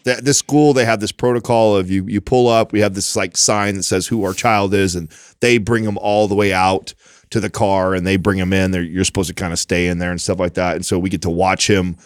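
A man's voice: deep voice, fairly even intonation, a little fast, smooth, no room sound, clean studio sound. A man in his thirties in casual chat, telling a story and laughing often.

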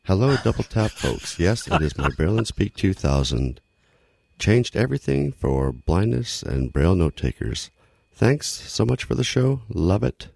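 A man's voice: sits low, sing-song, a little slow, gravelly, a little mellow, no echo, clean studio sound. A man who hosts a podcast leaving a friendly voicemail while showing an old device. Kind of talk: casual voicemail message.

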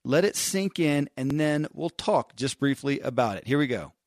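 A man hosting a podcast, introducing the next clip in a relaxed, conversational way. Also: medium pitch, moderate pace, dry recording. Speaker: podcast host.

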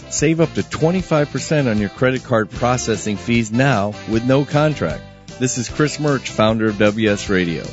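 A man reading an upbeat radio advertisement as the head of a radio network. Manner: upbeat pitchman delivery. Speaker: radio network founder doing ads. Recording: dull, slightly lo-fi radio audio with faint music.

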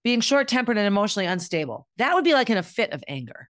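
A woman's voice: mid-range voice, big pitch swings, quick pace, a bit bright, dry recording, studio quality. A middle-aged woman speaking candidly and bluntly in a reflective personal monologue, as the host of her own show. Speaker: podcast host.

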